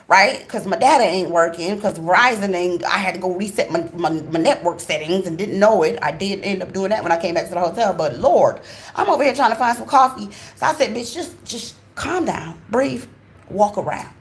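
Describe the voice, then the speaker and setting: Female vlog host, casual and profane storyteller, mid pitch, faint background noise. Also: fairly quick. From USA. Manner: profane, expressive, talks straight to viewers. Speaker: channel host.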